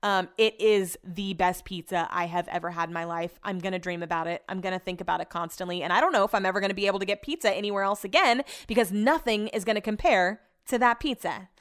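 A woman's voice: medium pitch, fast, few pauses, smooth. A young woman casually telling viewers a funny story, chatty, laughing often and swearing freely. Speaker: vlogger.

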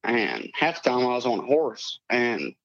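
A man's voice: mid-range voice, sing-song, measured pace, fairly bright tone, no echo. A man in his late twenties calling in to tell a rambling, plainspoken story of a strange encounter. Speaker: caller. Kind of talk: telling a personal encounter story. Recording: dull, lo-fi call audio.

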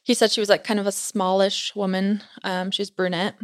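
A woman's voice: medium pitch, flat delivery, a little fast. Chatty young woman telling a story. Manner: chatty, fills speech with "like". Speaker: podcast guest. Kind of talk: casual storytelling.

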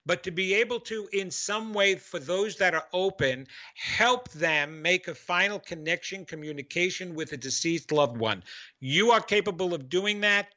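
A man's voice: a little high, bright, forceful tone, lo-fi sound. A man hosting a psychic call-in show, giving enthusiastic, preachy advice and often repeating himself. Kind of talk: motivational radio call-in talk.

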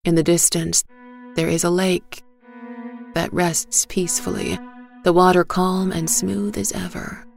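A woman narrating a first-person story in a measured, gentle reading style. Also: on the low side, flat delivery, vocal fry, soft background music.

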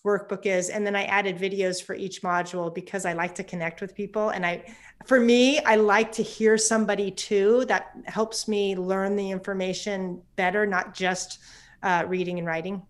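Candid fifties woman, therapist guest on an interview, open and animated. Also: medium pitch, moderate pace. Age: 50s. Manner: candid, animated, laughs often. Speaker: psychotherapist guest. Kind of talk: conversational interview.

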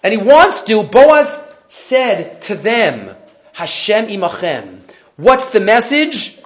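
A male rabbi with a high-pitched voice leads a Torah class. He quotes sources and keeps asking his listeners rhetorical questions. The recording is dull and slightly muffled. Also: very animated, slow pace.

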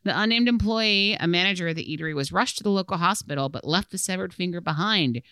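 A woman co-hosting a podcast, telling stories in lively, casual chat. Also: on the low side, quick pace, smooth, no echo, studio quality. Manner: lively storyteller, laughs often. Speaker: podcast co-host.

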